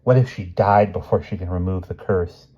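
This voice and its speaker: A man's voice: low-pitched, moderate pace, breathy edge, muffled recording. A man voicing a wry, jokey schoolgirl. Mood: fearful. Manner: wry, whispery.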